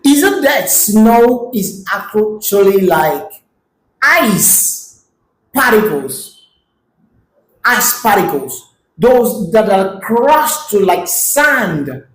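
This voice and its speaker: A woman reacting to a clip, talking slowly with a bouncy, lively pitch. She exclaims and chats back at the screen. Her voice sits in a roomy, echoey space with a faint hiss underneath. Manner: chatty, exclaiming, talks back to the video. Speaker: reaction video host. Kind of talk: casual reaction commentary.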